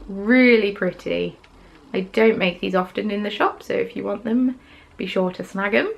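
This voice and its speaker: This woman's gravelly, mid-range voice moves at a moderate pace on a rough recording. As a craft podcast host, she casually shows off her handmade work in show-and-tell chat, gushing, rambling and using frequent ums.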